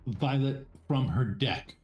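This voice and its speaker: Slow, halting male game master. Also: medium pitch, a little mellow, echoey room, soft background music. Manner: halting, many fillers and restarts. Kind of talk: narrating a tabletop game live.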